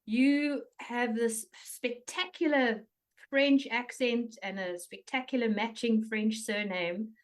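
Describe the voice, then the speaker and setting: A woman's voice: a little high, steady tone, takes it slowly, recorded from a distance. A woman hosting a podcast interview, reading an introduction and asking questions. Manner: reads intro, then asks questions. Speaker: podcast host.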